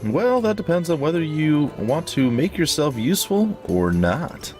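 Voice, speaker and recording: A man's voice: fairly high pitch, very animated, a little slow, a little mellow, soft background music, voice pushed up. A man voicing a young female sword-fighting heroine who talks in a dry, sardonic way.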